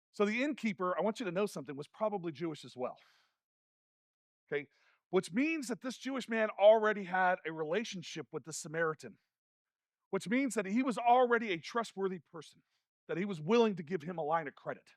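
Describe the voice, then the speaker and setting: A man preaches from a church stage, his voice sitting high for a man. He tells the story with jokes and asides, and the sound is close and dry. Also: fairly quick, dry recording. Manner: animated, jokey storytelling with rants. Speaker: pastor. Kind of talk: sermon.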